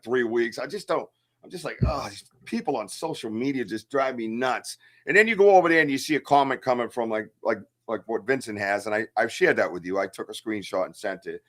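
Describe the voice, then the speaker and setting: A man's voice: mid-range voice, fairly bright tone. A man hosting a casual livestream podcast, hyper and joking as he reads out chat comments. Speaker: podcast host.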